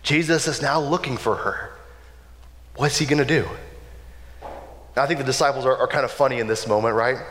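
A man preaching a sermon in a relaxed, conversational way, often checking in with "right?". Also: mid-range voice, fairly quick, pauses often, a little hiss or hum. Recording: long hall reverb.

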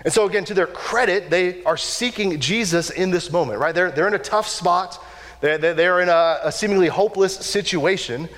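A man preaching a conversational sermon, casual and animated, often repeating and restarting words as he acts out quoted lines. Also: high-pitched, moderate pace. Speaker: pastor. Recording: long reverb of a large hall.

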